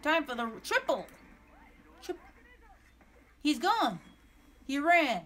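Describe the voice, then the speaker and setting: High, lively, excitable woman gamer. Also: takes it slowly, slight background noise. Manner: excitable, exclaiming and repeating words. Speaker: gameplay streamer. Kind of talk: live gameplay commentary.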